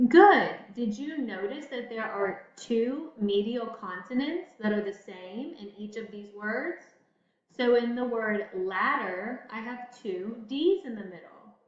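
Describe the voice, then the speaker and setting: Slow, patient woman teacher in an echoey room. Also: fairly high pitch, animated. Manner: slow, patient, speaking to children. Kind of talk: recorded phonics lesson. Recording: echoey room, slightly dull sound.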